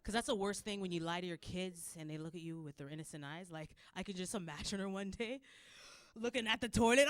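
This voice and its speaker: A woman from Canada in her thirties doing a stand-up set, acting out her kids and herself in loud, high voices. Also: fast, dry recording, clean studio sound. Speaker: stand-up comedian. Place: comedy club stage.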